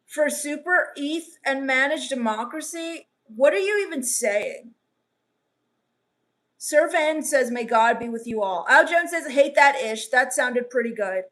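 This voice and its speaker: A woman hosting a comedy livestream, reading chat in a gloomy, deadpan gothic valley-girl drawl, dismissive and misanthropic. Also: sits high, measured pace.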